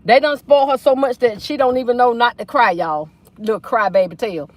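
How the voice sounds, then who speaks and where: A woman's voice: fairly high pitch, brisk, dry recording. Chatty woman livestreaming from a car. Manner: chatty, reads viewer comments aloud, folksy. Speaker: livestream host. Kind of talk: casual livestream chat reading comments. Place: inside a car.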